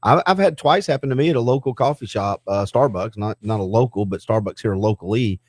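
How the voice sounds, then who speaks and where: A man hosting a podcast chat, joking and quick. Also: on the low side, a little mellow, slightly rough, dry recording, studio quality. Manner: fast-talking, joking. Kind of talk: casual chat.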